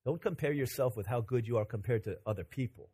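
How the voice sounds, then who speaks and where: A man preaching a sermon as pastor, telling stories in an animated, joking way. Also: mid-range voice, fast, husky.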